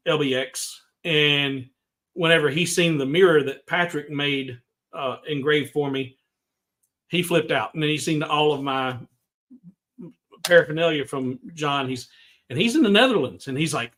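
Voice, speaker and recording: A man's voice: a little high, normal speed, a bit bright. Rambling man hosting a livestream. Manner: rambling, talks to chat viewers by name. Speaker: livestream host. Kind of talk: casual livestream chat.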